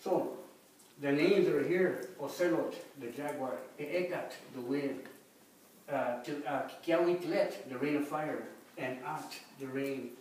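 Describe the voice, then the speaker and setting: A man's voice: a little high, measured pace, darkish tone, slight background noise. A man giving a folksy talk, leading the audience in call-and-response chanting. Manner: folksy, repeats "you know", leads the audience in call-and-response. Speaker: speaker teaching Aztec calendar names. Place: record shop event space. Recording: echoey room recorded from a distance.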